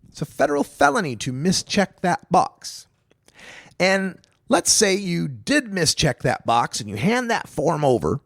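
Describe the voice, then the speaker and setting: A man hosting a talk show, giving sardonic, argumentative commentary in a lively, animated way. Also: medium pitch, gravelly, dry recording, studio quality. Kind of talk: solo radio commentary.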